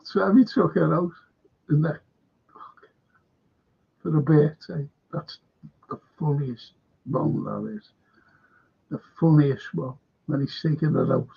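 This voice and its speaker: A man's voice: a little high, slow pace, creaky, pauses often, husky. A man hosting a live football fan show, telling rambling anecdotes, swearing freely and laughing often. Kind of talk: casual live-stream chat. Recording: lo-fi dull audio.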